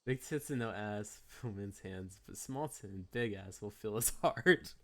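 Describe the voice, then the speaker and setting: A man voicing a mock-wise old male sage who recites crude proverbs in a hushed, sing-song way. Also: on the low side, measured pace. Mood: mock solemn.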